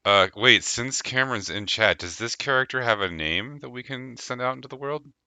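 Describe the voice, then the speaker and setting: A man hosting a live tabletop game stream as game master, talking casually with quick laughs and rambling restarts. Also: medium pitch, lively intonation, bright, forceful tone, clear, resonant tone, no room sound.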